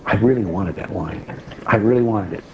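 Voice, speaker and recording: A man's voice: on the low side, moderate pace, dark tone, lo-fi sound, slight background noise. A middle-aged man teaching an informal sermon to a small group, plain-spoken, repeating key phrases and asking listeners questions.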